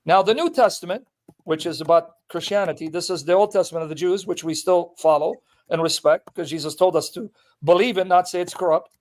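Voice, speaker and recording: A man with a notably high-pitched voice argues his point with relentless insistence. He reads scripture verses aloud with heavy emphasis, then turns them back on the other person as pointed challenges. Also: fairly quick. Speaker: Christian apologist debating a Muslim. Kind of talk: street debate, reading scripture aloud.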